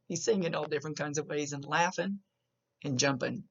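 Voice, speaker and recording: A woman's voice: deep voice, a little fast, slightly rough. A woman working as a psychic medium, talking casually and rambling to a client as she gives a reading, with a smoker's cough. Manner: chatty, rambling, stops and restarts. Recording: dull lo-fi recording.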